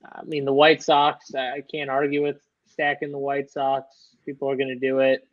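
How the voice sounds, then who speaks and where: A man's voice: mid-range voice, monotone, normal speed, no echo, highs cut off. A man giving baseball stacking advice on a live show, laid-back and rambling. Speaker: sports betting analyst. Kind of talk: casual analytical chat.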